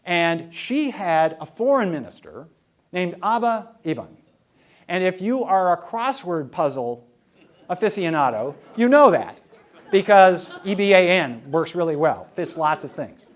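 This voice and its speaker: A man with a notably high voice lectures on history to a live audience. He talks conversationally and wryly, weaving anecdotes into his talk. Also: big pitch swings, measured pace. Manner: wry, conversational, storytelling.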